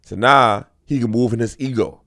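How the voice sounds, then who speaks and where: A man doing a comedic monologue in an animated, teasing, rambling way, addressing the audience directly. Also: medium pitch, moderate pace, dry recording, clean studio sound.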